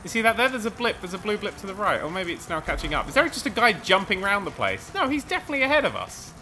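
Brief: male let's-player, animated delivery, slightly high voice, out of breath and cursing at rivals. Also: fast, soft background music. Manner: excitable, sweary, rambling and self-mocking. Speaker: gaming commentator. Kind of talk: let's play commentary.

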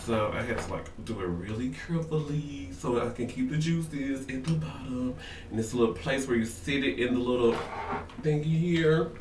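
A man's voice: mid-range voice, normal speed, background noise. Young man, sassy nervous home vlogger, roomy echoey sound, mic a bit far off. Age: 20s. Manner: nervous, chatty, sassy, says "girl" often. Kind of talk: casual vlog talk. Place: home bathroom. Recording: roomy echo, slightly distant.

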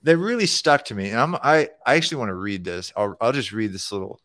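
A man's voice: on the low side, animated, fast talker, a bit bright, dry recording, clean studio sound. A man co-hosting a casual live show about programming, talking loosely with many fillers and restarts. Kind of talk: casual live-stream chat.

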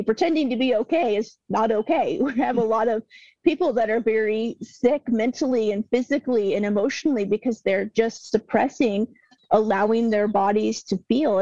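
A woman's voice: mid-range voice, warm tone, dry recording, lo-fi sound. A woman herbalist guest on an interview, talking earnestly in a casual way and often retelling conversations with clients.

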